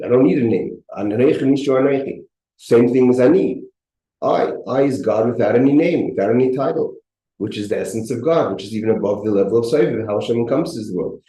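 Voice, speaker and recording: A man's voice: medium pitch, warm tone. Man teaching a Torah class, echoey room. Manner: mixes Hebrew and Yiddish terms into English, repeats words as he thinks. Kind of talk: Torah class explaining a text.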